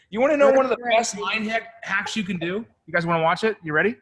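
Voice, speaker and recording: A man coaching a room of agents, animated and coaxing, calling out to the group. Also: high-pitched, fast, few pauses. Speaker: sales trainer. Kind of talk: energetic group coaching session.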